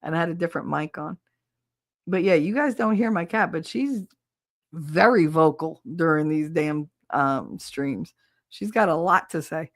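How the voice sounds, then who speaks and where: Speaking a little slowly in a low voice, a woman who has a son hosts a stream, chatting bluntly and casually with her live chat, swearing often and laughing plenty. She's a streamer and podcast host using a desk mic on a standing arm, and the studio sound is clean with no room sound.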